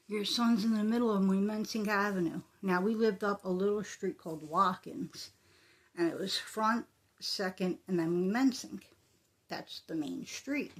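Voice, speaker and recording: A middle-aged woman tells a personal story in a casual, conversational way, repeating words for emphasis. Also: medium pitch.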